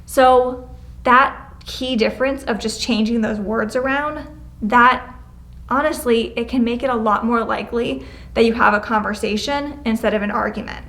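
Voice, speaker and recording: With a steady, slightly high, somewhat bright voice, a brisk and upbeat woman runs a class in a school classroom. As a prevention educator, she offers encouragement and clear stepwise directions, demonstrating example phrases with changing tone.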